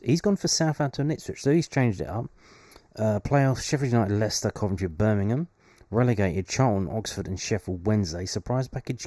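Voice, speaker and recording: A man's voice: fairly low pitch, warm tone, no room sound, studio quality. A young man, casually reading out football predictions and adding wry, chatty asides. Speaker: fan channel host. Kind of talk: casual solo commentary, reading predictions aloud.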